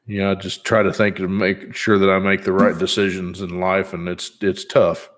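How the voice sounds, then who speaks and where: A man's voice: low voice, flat delivery, normal speed. A man in his fifties chatting casually on his vlog in a rambling, easygoing way, with many fillers. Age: 50s. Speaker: channel host.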